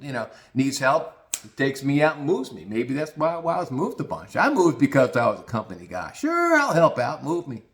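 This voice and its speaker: A middle-aged man from the United States telling a rambling, crude story about office brown-nosers as a podcast host. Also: medium pitch. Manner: blunt, crude, rambling with restarts. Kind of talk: casual storytelling monologue.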